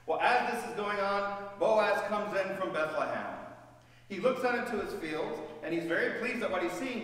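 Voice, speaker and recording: High-voiced pastor in an echoey church. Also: male voice, lively intonation, normal speed, fairly bright tone. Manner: storytelling, questions to the congregation. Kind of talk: sermon. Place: church sanctuary. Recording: echoey church hall, voice from far off.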